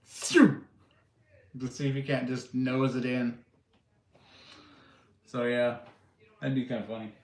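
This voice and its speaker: A man hosting a casual live stream, talking in a rambling way with many fillers and restarts. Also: medium pitch. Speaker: livestream host and drone builder. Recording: roomy echo.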